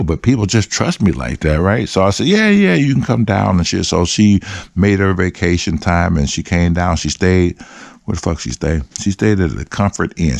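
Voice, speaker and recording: A man's voice: low-pitched, gravelly, darkish tone, no echo. A man telling a long, rambling, profane story as a show host. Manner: rambling, profane, laid-back. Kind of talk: casual storytelling.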